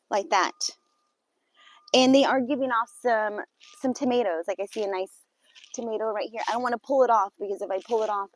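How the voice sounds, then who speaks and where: Walking through her garden on a farm, a woman chats casually with viewers on a live vlog, letting out quick exclamations and nervous laughter. Her voice is mid-range, and the recording has no echo.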